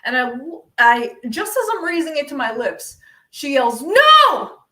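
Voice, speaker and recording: A young woman doing a deadpan stand-up set over a video call, with many ums. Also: sits high, moderate pace. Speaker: stand-up comedian. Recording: echoey room, distant from mic.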